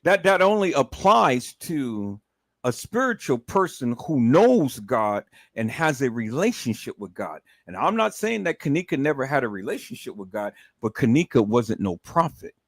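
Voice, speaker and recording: A man's voice: medium pitch, big pitch swings, normal speed, no echo, poor audio. A man hosting a commentary livestream, ranting angrily with constant profanity and repetition.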